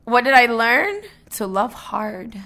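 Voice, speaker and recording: A woman's voice: a little high, lively intonation, takes it slowly, pushed and bright. A woman co-hosting a podcast, chatting candidly and often restarting her words. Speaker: podcast co-host. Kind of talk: casual chat.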